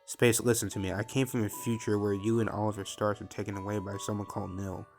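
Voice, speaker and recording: A man reading a devoted time-traveling protagonist in a story game, quietly and earnestly. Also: on the low side, level tone, quick pace, soft background music, natural voice.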